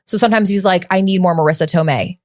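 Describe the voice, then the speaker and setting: A woman's voice: on the low side, fast, darkish tone, no room sound. A woman cohosting a comedy podcast in a studio, chatting in a playful, loose way and swearing casually. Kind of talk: casual chat.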